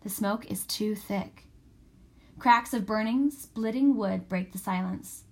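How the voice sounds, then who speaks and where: A woman reading a first-person story aloud in a steady, expressive way. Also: mid-range voice, slow pace. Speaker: audiobook narrator. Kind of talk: scripted first-person narration.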